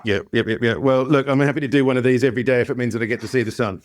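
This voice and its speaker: A man's voice: medium pitch, rapid-fire, no echo, studio quality. A man in his fifties with an Australian accent, a guest chatting casually in a podcast interview with plenty of fillers. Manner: relaxed, chatty, frequent fillers. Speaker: guest, company founder.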